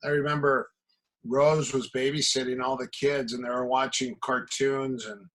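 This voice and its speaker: A man's voice: mid-range voice, flat delivery, moderate pace, a bit bright, poor audio. A middle-aged man from the American Midwest, a martial arts coach telling stories as a podcast guest and acting out quoted exchanges. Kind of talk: casual storytelling.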